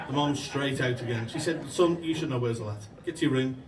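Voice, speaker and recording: A man's voice: medium pitch, brisk, few pauses, far from the mic, a loud crowd. Brief: man, amateur stand-up, chatty and sweary, loses his thread, heard from afar in an echoey, noisy room. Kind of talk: stand-up joke telling. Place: function room before a laughing crowd.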